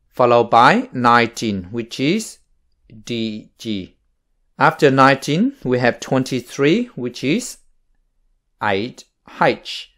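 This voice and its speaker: A man teaching a maths lesson, explaining each step slowly and plainly. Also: mid-range voice, fairly bright tone. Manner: slow, plain stepwise explaining.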